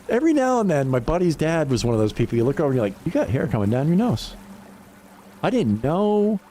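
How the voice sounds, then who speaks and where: A man talks off the cuff on a gaming livestream. His speech is peppered with swearing and quick laughs, and he rambles from one tangent to the next. His pitch swings up and down freely, and faint music sits quietly in the background. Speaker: livestream gamer. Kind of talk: casual livestream chat.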